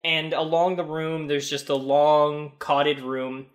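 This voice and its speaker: A man narrating a tabletop role-playing game as game master, describing scenes in a halting way with many fillers. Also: fairly high pitch, little pitch movement.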